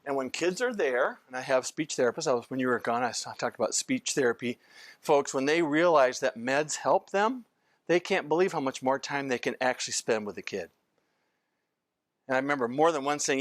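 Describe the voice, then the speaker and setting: An older man lecturing as a physician in a loose, story-driven way, wandering off mid-sentence and circling back. His pitch sits in an ordinary middle range. The sound is dry and close, with no room echo. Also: animated, normal speed. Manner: rambling, anecdotal, often breaks off and restarts sentences. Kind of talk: informal training lecture.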